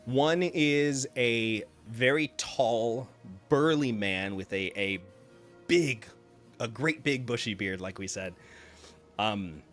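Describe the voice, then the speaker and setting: A man narrating a tabletop game as game master, halting with frequent fillers. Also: on the low side, fairly bright tone. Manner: halting, with many fillers and restarts.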